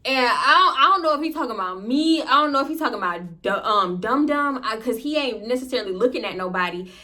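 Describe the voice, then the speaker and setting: A woman in her twenties telling a dramatic storytime to her viewers, animated and loose with curse words. Her voice sits a little high and swings between loud disbelief and hushed asides. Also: quick pace. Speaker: vlogger. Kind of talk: storytime narration.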